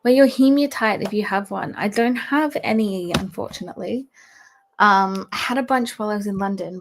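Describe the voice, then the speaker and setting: A woman's voice: mid-range voice, slight background noise. Young woman, host of a book stream, loose rambling chat with fillers and little laughs. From Australia. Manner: rambling, chatty, with many fillers and soft laughs. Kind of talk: casual livestream chat.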